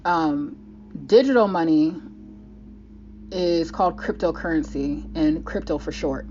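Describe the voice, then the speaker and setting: A woman's voice: low voice, unhurried, mellow, muffled recording, a little hiss or hum. A young woman from the United States, a vlogger rambling in casual talk to the camera, restarting her sentences often.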